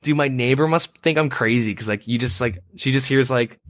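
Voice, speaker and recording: A man's voice: mid-range voice, brisk, no echo. A man co-hosting a podcast, telling a story in casual banter, profane and rambling with lots of fillers. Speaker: podcast co-host.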